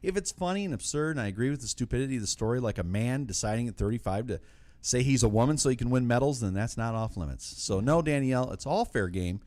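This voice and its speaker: A man's voice: mid-range voice, lively intonation, quick pace, darkish tone. A male host delivering comedic news banter in a brash, joking way.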